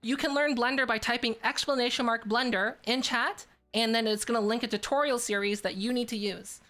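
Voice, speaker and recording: Woman streamer, a touch high-pitched, rambling casual chat over faint background music. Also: fairly even intonation, a little fast, a bit bright. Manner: rambling, filler-heavy, restarts often.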